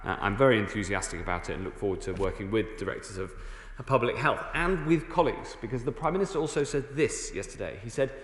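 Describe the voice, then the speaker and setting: A male government minister with a low-ish voice answers MPs in a halting parliamentary statement full of "uh" and "um." He speaks indoors in a large debating chamber, where his words echo with long reverb.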